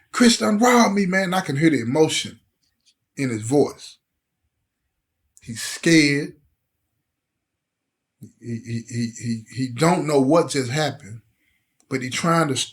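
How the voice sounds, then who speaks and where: A middle-aged man, telling a personal story with intensity and acting out the voices of the people in it. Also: on the high side. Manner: emotional, intense, acts out quoted voices. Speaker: host telling his life story.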